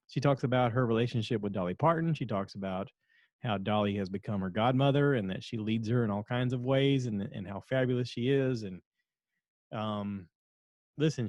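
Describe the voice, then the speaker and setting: A man's voice: mid-range voice, normal speed, a little mellow, dry recording, highs cut off. A middle-aged man hosting a solo podcast, chatting casually in a rambling, self-deprecating way. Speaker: podcast host.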